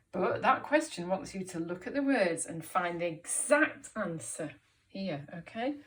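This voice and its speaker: Woman, primary teacher, unhurried, encouraging, clear, plays along with animal sounds. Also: mid-range voice. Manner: encouraging, slow and clear, with animal noises as she reads. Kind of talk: reading lesson for young children.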